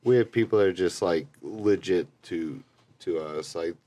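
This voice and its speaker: Young man, lowish voice, bar manager guest, laid-back profane chat, mimics people. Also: moderate pace, mellow. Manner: easygoing, profane, slips into mocking voices. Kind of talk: casual chat.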